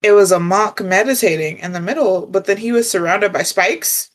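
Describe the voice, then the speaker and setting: A woman co-hosting a casual spiritual chat, talking in a gentle, reflective way and laughing often. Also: mid-range voice, normal speed. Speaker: podcast co-host.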